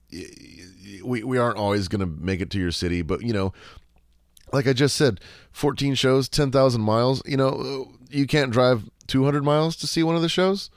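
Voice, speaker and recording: A deep-voiced man talking through a casual solo podcast Q&A, easygoing and wry. He swears without a second thought and wanders through his answers with plenty of ums and restarts. The sound is close and dry, with no room around it. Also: no echo. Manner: laid-back, sarcastic, swears freely; rambling with many fillers and restarts. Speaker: podcast host.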